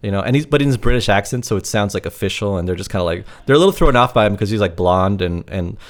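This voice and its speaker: A man's voice: lowish voice, animated, quick pace. A man co-hosting a podcast from his apartment, chatting casually and rambling with lots of filler words. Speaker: podcast co-host. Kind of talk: casual chat.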